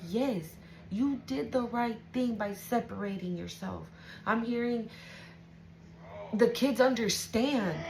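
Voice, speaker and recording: A woman's voice: medium pitch, a little mellow, a little hiss or hum, low-quality recording. A woman giving an intuitive tarot reading to her viewers, casual and emotional, swearing freely and often checking in with "right?". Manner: casual, profane, emotional, keeps asking "right?". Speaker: tarot reader.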